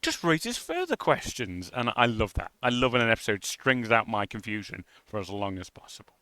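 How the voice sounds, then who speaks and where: A man's voice: lowish voice, sing-song, fairly quick, pushed and bright, smooth, no echo. A man co-hosting a casual podcast, agreeing often and reacting with enthusiasm. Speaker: podcast co-host. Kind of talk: casual chat.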